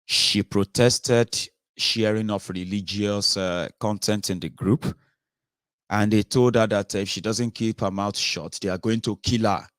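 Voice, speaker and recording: A man's voice: fairly low pitch, steady tone, a little slow, fairly bright tone, dry recording, studio quality. A man with a Yoruba Nigerian accent hosting an opinionated political monologue, emphatic and rhetorical, with lots of "uh" fillers and tag questions. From southern Nigeria. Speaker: political commentary host.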